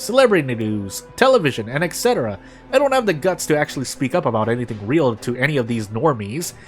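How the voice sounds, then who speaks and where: A man voicing a lonely, anxious young woman office worker reading her own diary entries, with lively emphasis. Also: a little high.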